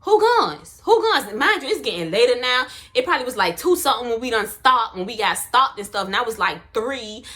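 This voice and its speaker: A young woman, telling a personal story in a casual, slangy and expressive way. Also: a little high, brisk, hardly any pauses. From Miami, US. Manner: animated, slangy, expressive retelling.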